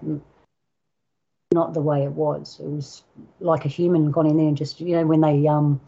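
A woman's voice: low-pitched, flat delivery, moderate pace, mellow. An older Australian woman with an Australian accent, a guest telling personal stories vividly, acting out sounds and quoting voices. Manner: vivid storyteller, acts out sounds and quotes. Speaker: guest elder. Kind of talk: personal storytelling. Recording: dull lo-fi recording.

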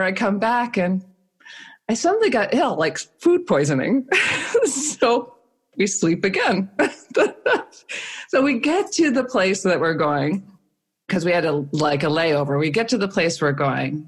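Middle-aged woman, frank storyteller, self-mocking, acts out quotes, mid-pitched voice. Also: expressive, unhurried, breathy edge. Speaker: guest telling a personal story. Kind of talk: candid conversational storytelling.

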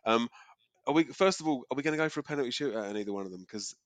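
A man from England co-hosting a podcast in casual chat, wry and teasing, often pausing with ums. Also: medium pitch, lively intonation, fairly bright tone, dry recording. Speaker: podcast co-host.

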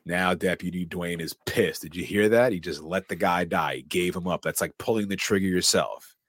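A podcast host with a very deep voice talks through a film with excited, casual energy. The sound is dry and close. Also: male voice, normal speed, slightly rough, no echo. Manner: excited storytelling, retelling scenes. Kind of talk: casual film recap chat.

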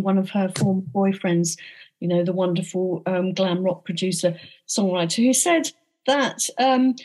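A woman being interviewed about her book, speaking thoughtfully with frequent pauses and restarts. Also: mid-range voice, a little mellow. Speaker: author and interview guest. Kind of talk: conversational interview.

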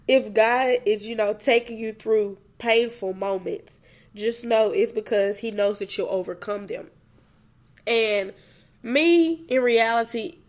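A young woman hosting a faith podcast, talking earnestly and tearfully to her listeners in a casual conversational way. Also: medium pitch. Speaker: podcast host. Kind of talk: personal faith reflection.

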